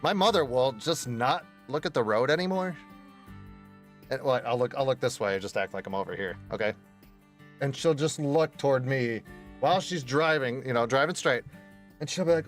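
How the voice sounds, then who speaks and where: A man's voice: fairly high pitch, animated, normal speed, faint music behind. Rambling, cursing male streamer. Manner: rambling, profane storytelling with bursts of laughter. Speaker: game streamer. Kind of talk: casual stream chat.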